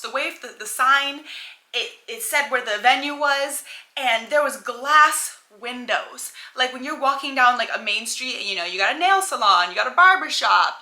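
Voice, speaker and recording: A woman's voice: fairly high pitch, sharp tone, roomy sound. An American woman hosting a podcast, telling a story in a chatty, slangy way full of "like" and "you know.". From United States. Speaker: podcast host. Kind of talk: casual storytelling chat.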